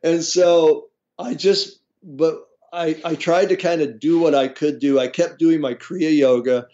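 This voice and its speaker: A guest herbalist on an interview tells a personal story with animation, laughing often and acting out what other people said. His voice is on the high side at a measured pace, and the sound is lo-fi.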